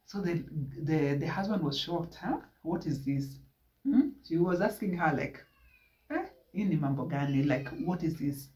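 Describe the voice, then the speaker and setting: A man's voice: fairly high pitch, normal speed. A man with a Kenyan accent telling a story casually in a vlog, slipping in Swahili words as he goes. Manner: animated retelling with Swahili asides. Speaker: vlogger. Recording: echoey room from a distance.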